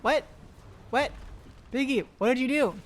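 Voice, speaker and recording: Live esports play-by-play comes fast and excitable from a caster whose voice sits high. There are loud outbursts, comments aimed at the players on screen, and self-deprecating asides throughout.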